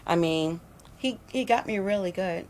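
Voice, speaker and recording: A woman's voice: fairly low pitch, normal speed, darkish tone, a little hiss or hum. A woman guest on a gospel talk show, giving an emphatic personal testimony and repeating phrases for weight. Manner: emphatic, repetitive storytelling.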